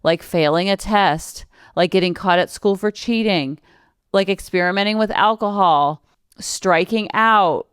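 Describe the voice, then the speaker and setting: A woman's voice: medium pitch, normal speed, smooth, no echo, studio quality. A woman in her forties hosting a parenting podcast, chatting casually and piling up long lists of examples. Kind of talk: casual solo podcast talk.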